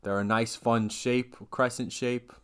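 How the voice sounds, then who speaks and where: A man's voice: mid-range voice, level tone, a little slow, a bit bright, clear, resonant tone. A young man co-hosting a podcast, chatting casually with a dry, offbeat sense of humor. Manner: dry, offbeat jokey delivery. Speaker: podcast co-host. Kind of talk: casual chat.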